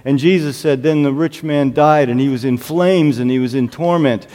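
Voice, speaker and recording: A man's voice: medium pitch, normal speed. A male pastor telling self-mocking stories in a sermon. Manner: self-deprecating, animated anecdotes. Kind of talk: humorous sermon storytelling. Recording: reverberant hall.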